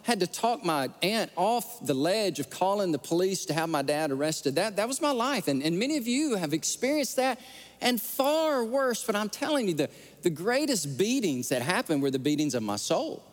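An earnest male preacher with a high, animated voice that swings widely as he tells stories from the pulpit. He often repeats words as he pushes on, and his voice carries a long hall reverb. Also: normal speed. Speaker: pastor. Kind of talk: sermon.

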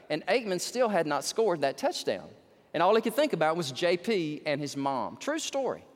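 A man preaching an impassioned sermon as pastor, swinging from loud to hushed. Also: high-pitched, long reverb tail. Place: church sanctuary.

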